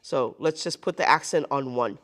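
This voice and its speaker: A woman's voice: very deep voice, normal speed, fairly bright tone. A woman teaching a live group ukulele lesson, counting beats aloud and checking in with the class. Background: ukulele playing.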